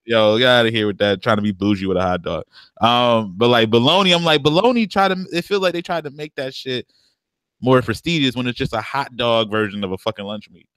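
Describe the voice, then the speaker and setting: This man co-hosts a podcast, swapping stories in casual slang and laughing often; his family comes from the American South. He speaks at a brisk clip in a medium pitch with a fairly bright tone. Audio is smooth and echo-free.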